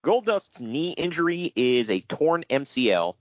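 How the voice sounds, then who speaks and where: A man's voice: fairly high pitch, measured pace, dry recording, dull audio. A man co-hosting a podcast, chatting casually about old wrestling news with sarcasm and frequent laughs. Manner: animated, sarcastic, laughs often. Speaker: podcast co-host.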